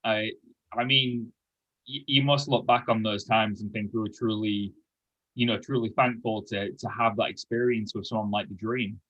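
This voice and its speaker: A man's voice: lowish voice, steady tone, moderate pace, fairly bright tone, dry recording, dull audio. A man co-hosting a wrestling podcast, enthusiastic and stammering at the start of his lines. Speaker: podcast co-host. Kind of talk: casual interview.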